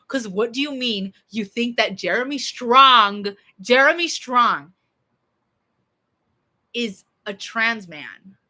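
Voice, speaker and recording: Young woman rambling on a live stream, bright, sharp voice, kinda high, cusses a lot. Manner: rambling, animated, swears a lot. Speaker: livestreamer. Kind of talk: casual livestream chat.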